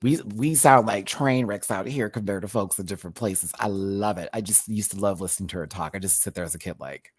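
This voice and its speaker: A man giving an animated, casual review of a TV show, breaking into mock voices. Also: lowish voice, brisk, hardly any pauses, husky, no room sound. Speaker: drag race reviewer.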